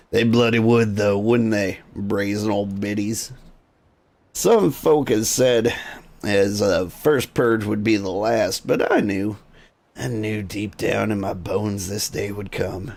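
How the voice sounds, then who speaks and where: A man's voice: on the low side, vocal fry, full character voice. A man voicing a grizzled old former sailor who grumbles in salty, slang. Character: grizzled old male ex-sailor, gruff and superstitious.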